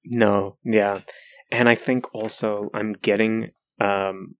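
A man's voice: lowish voice, little pitch movement, slow, dry recording. A man with a New Zealand accent co-hosting a casual podcast chat, talking loosely with lots of "like" and restarts. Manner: loose and rambling, full of "like" and restarts. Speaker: podcast co-host. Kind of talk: casual chat recapping reality TV.

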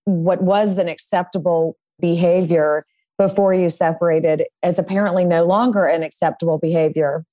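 A woman's voice: lowish voice, fairly even intonation, moderate pace, mellow, no room sound. A woman appearing as a divorce attorney guest on a podcast, talking in a reflective, candid way. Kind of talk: conversational interview.

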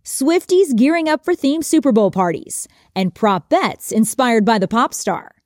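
A woman field reporter giving an upbeat, animated on-location news report. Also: high-pitched, no room sound, studio quality. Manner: bubbly, animated.

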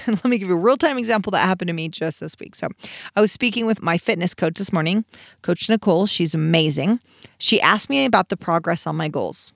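A woman hosting a motivational podcast, energetic and emphatic, with playful asides. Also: mid-range voice, vocal fry, no room sound, studio quality. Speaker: podcast host.

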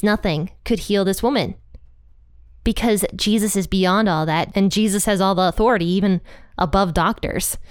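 A woman talks through a Bible passage in a relaxed, chatty way, full of "like" and "you know". Her voice is smooth and clear, and the recording is dry and close with no room sound. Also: mid-range voice, dry recording. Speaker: Bible teacher. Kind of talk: casual Bible commentary.

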